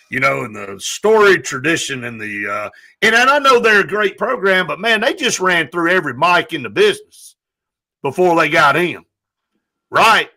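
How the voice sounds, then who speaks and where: A man hosting a sports talk show, his voice bright and forceful and pitched a little high. He tells stories with a lively, opinionated edge in casual conversation. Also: normal speed. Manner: animated, opinionated storyteller.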